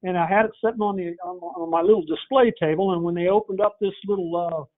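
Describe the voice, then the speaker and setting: A man's voice: high-pitched, fairly even intonation, fast talker. Folksy man, tinny audio. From northern Indiana, USA. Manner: folksy storyteller, acts out dialogue. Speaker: pump company trainer. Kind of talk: folksy training presentation.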